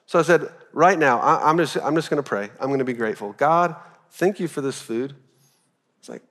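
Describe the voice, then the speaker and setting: A man in his thirties preaching a sermon as pastor, telling a story in a loose, animated, conversational way full of "like". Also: a little high, brisk, long reverb tail. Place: church auditorium.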